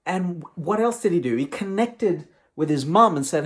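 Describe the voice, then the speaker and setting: A man with a fairly high voice delivers a motivational talk straight to camera. His speech is emphatic yet conversational, as a professional speaker's would be. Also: expressive, normal speed, few pauses.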